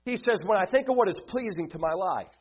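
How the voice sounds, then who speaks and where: A man's voice: lively intonation, fast, slightly rough, dull audio. A young man preaching an evening sermon, earnest and repetitive, with stumbling restarts. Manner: earnest, repeats words, drops low and soft in prayer.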